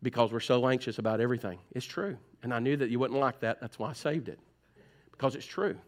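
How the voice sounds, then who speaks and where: A man preaches from the pulpit of a church in a mid-pitched, conversational voice. He teases the congregation and slips into quick impressions of people's complaints. His pace shifts between slow emphasis and quick runs. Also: fairly even intonation. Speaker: pastor. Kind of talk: sermon. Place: church sanctuary.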